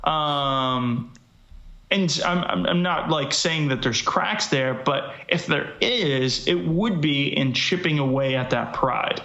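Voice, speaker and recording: A man's voice: on the high side, slow pace, pushed and bright. A man co-hosting a casual live-stream chat about fighting, rambling with many fillers and asides. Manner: rambling, lots of fillers and "you know". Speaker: MMA show co-host. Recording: echoey, slightly dull sound.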